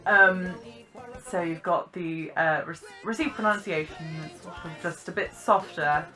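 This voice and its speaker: Bright-voiced posh English woman vlogger. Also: fairly low pitch, a little slow, soft background music. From Britain. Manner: animated, enunciated, theatre-trained. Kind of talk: casual commentary.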